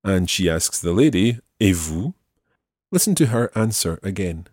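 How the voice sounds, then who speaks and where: A man with a very low voice teaches French phrases and repeats each one slowly. The sound is dry and close. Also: big pitch swings, darkish tone, no room sound. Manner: slow careful repetition of phrases. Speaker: language teacher.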